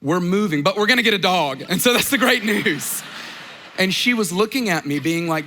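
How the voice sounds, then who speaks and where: A man in his thirties gives a casual, story-driven sermon and keeps asking his congregation questions. His voice sits high and sounds bright and sharp. The long reverb of a large church hall trails every phrase. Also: lively intonation, normal speed. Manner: conversational storytelling, asks the crowd questions. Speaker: pastor.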